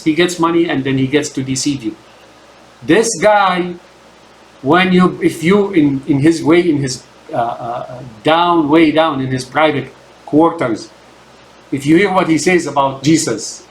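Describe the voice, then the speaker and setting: A man's voice: fairly high pitch, rough recording. Rambling ranting man, native Arabic speaker. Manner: rambling, emphatic, keeps asking "right?". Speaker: channel host. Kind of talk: ranting monologue to camera.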